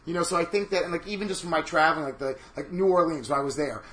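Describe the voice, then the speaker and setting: A man co-hosting a chat show, telling stories in an animated, campy and profane way. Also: on the high side, racing, roomy sound. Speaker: podcast co-host. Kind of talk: casual chat.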